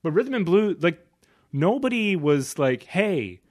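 A man's voice: high voice, very animated, unhurried, darkish tone, no room sound, clean studio sound. A man co-hosting a podcast in casual chat, wry and rambling, often breaking off mid-sentence. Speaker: podcast co-host.

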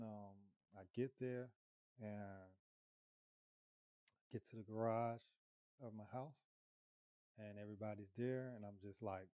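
A man casually telling a long story, lively, cursing, acting out his own lines. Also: fairly low pitch, no echo. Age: adult with children. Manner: animated, swears, acts out his own lines.

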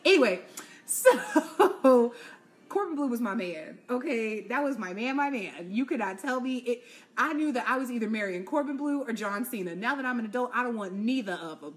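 Young woman podcasting solo, kinda high voice, gossipy and animated, lots of y'all and sis and laughing. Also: moderate pace. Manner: slangy with y'all, sis, honey, child. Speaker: podcast host. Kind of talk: casual solo podcast chat.

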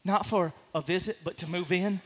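A man preaching a sermon to a congregation, impassioned, swinging from hushed to loud. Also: sits high, normal speed. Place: large room with a congregation.

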